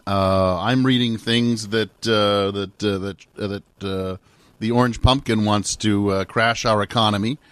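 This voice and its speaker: Jokey low-voiced man. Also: fairly bright tone, no room sound. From Canada. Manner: jokey, loose, many "uh" restarts. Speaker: podcast co-host. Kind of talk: casual chat.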